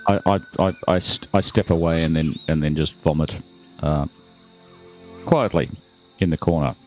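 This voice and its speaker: A man's voice: extremely low pitch, steady tone, normal speed, a little mellow, soft background music. A man playing a tabletop game, offhand and often stammering. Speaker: player. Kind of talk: tabletop role-play.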